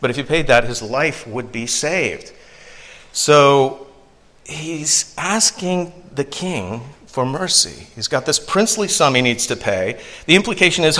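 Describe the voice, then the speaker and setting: Guy preaching in church, bright clear voice, gets animated and does little voices for quotes. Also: mid-range voice, measured pace. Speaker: pastor. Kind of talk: sermon.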